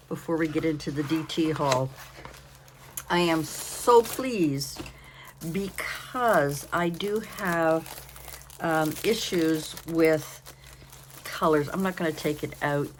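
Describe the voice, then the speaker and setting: A woman's voice: low voice, takes it slowly, long pauses, a little hiss or hum. An older woman hosting a casual crafting vlog from home, tired and yawning, chatting in a rambling, apologetic way. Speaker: craft channel host.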